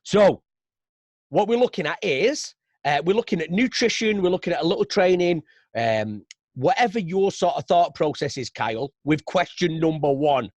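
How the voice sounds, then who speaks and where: A man's voice: on the high side, animated, moderate pace, no echo. A man with a Manchester accent hosting a podcast, chatty and easygoing, with many fillers. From Manchester, England. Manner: chatty, laughing, filler-heavy. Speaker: podcast host. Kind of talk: casual interview chat.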